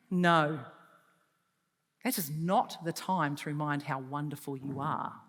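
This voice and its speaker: A woman giving a lively counselling talk to an audience, moving from loud emphasis to soft, hushed advice. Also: sits low, takes it slowly. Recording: long hall reverb.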